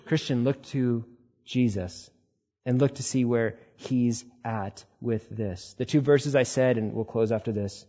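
Man, pastor, sermon, husky voice, conversational, muffled lo-fi recording. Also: steady tone, measured pace, mellow. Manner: conversational preaching, acts out quotes with sudden high bursts.

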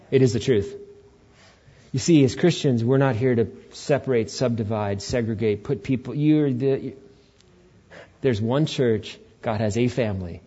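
A man's voice: mid-range voice, mellow, breathy edge. A male pastor giving a conversational sermon to his church, with joking asides to the congregation. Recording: dull lo-fi recording.

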